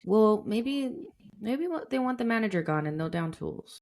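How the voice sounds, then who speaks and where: A woman's voice: mid-range voice, animated, normal speed, vocal fry, a little mellow. A woman hosting a casual football podcast, chatty and laughing often. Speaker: podcast host.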